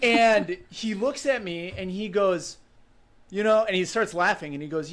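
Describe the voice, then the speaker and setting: Unhurried and high-voiced, a man in his twenties from Wisconsin recounts a story on a podcast. He's casual and vivid, leaning often on "like" and "you know."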